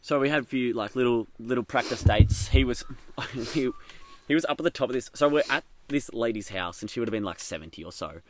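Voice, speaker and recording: A man's voice: mid-range voice, fairly quick, a little hiss or hum. A man co-hosting a casual podcast outdoors, telling stories with lots of ums and laughs. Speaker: podcast co-host. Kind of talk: casual chat. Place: outdoors in the bush.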